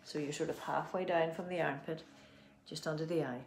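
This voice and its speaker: A woman with an Irish accent leading a guided tapping session, giving gentle instructions and slow, soothing affirmations. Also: sits low, fairly even intonation. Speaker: tapping practitioner. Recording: roomy echo.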